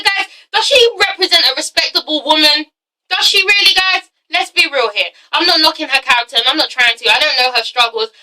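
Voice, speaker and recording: A woman's voice: sits high, bright, forceful tone, recorded from a distance, low-quality recording. A woman hosting a casual TV-recap vlog, sassy and profane, with constant "okay?" asides. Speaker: reviewer, channel host.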